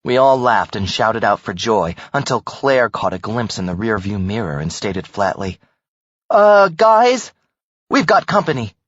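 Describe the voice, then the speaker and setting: Guy narrating an audiobook, dramatic, husky voice, muffled lo-fi sound. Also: on the low side, normal speed, hardly any pauses, no room sound. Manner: dramatic, expressive. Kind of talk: first-person audiobook narration. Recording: dull, dry audiobook recording.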